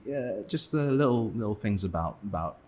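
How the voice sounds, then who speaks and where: A man's voice: fairly low pitch, animated, normal speed, darkish tone, slight background noise. A young man from England, a podcast guest, talking casually with many fillers and restarts. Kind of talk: casual interview talk.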